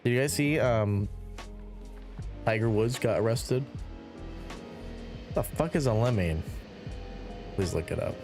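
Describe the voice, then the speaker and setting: A male streamer with a somewhat low voice that swings widely up and down, talking in an unhurried drawl. He rambles and giggles while reading chat aloud, with faint game music playing underneath. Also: lively intonation. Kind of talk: casual live-stream game commentary.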